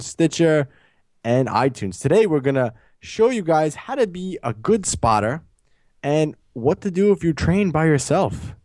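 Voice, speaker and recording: Excitable New York guy hosting a podcast. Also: on the high side, dry recording, studio quality. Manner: excitable, talks over his partner, stumbles and restarts. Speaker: podcast co-host. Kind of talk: casual podcast chat.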